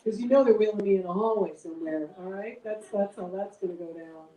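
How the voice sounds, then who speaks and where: A little fast with a warm tone, a middle-aged woman does chatty, self-deprecating stand-up in an event room before a live audience, her pitch swinging widely. The recording is echoey, with a distant mic leaving her off-mic.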